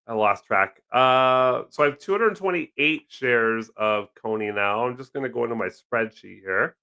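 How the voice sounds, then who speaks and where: A man's voice: mid-range voice, unhurried, gravelly, bright, forceful tone, clear, resonant tone. A man hosting a casual live stream from his desk at home, rambling and joking as he reads and answers the chat. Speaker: livestream host. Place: home desk with several monitors.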